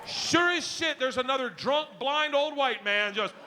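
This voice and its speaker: A middle-aged man telling a stand-up comedy story in a loud, animated, brash way. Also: extremely high pitch, a little slow, crowd noise, background noise.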